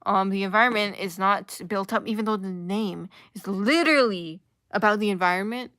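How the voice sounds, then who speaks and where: A woman's voice: mid-range voice, moderate pace, a bit bright, no echo, clean studio sound. A young woman giving a sarcastic, casual commentary rant full of filler words. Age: young adult. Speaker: commentary YouTuber.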